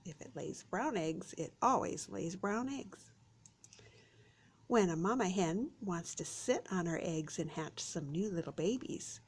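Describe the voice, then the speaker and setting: A library storyteller, a woman, reads to small children in a slow, unhurried way. Her pitch swoops up and down with lively expression, and she sometimes drops to a hushed whisper for suspense. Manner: animated, sing-song, drops to a whisper for suspense.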